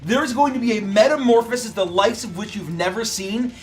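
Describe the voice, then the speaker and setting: A co-host excitedly announcing a stream goal and a big reveal. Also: mid-range voice, brisk. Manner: excited, promotional. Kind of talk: hyping the live stream.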